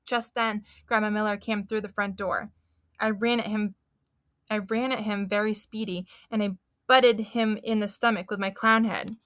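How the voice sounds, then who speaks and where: A woman reading a children's book aloud in an expressive, animated storytelling manner. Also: mid-range voice, normal speed, no room sound, studio quality.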